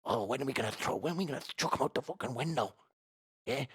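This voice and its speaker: A man's voice: medium pitch, animated, fast, slightly rough, voice pushed up. A man voicing a snobbish male airline passenger with a put-on Irish accent, sneering at the people around him. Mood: shrieking disgust.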